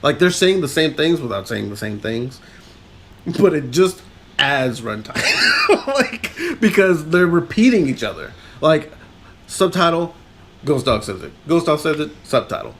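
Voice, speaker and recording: A man's voice: on the high side, big pitch swings, a little slow, slight background noise. A man co-hosting a podcast, rambling through a film recap in casual chat and laughing often. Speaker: podcast co-host.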